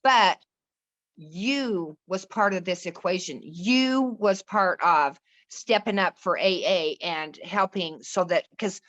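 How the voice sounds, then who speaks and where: Bright-voiced woman telling a story. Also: fairly low pitch, slow, highs cut off. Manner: earnest, rambling, restarts and quotes others. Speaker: podcast guest. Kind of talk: casual storytelling chat.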